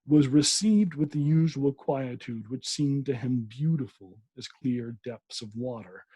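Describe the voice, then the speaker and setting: A male podcast host with a husky, dark, medium-pitched voice reads a classic novel aloud, tripping over names and correcting himself. The sound is dry, with no echo.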